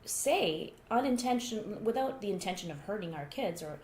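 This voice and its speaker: A woman guest in an interview, telling a personal parenting story in a lively conversational way. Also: medium pitch, normal speed. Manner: animated storytelling, acts out quoted voices. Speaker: guest author. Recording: echoey room with faint noise.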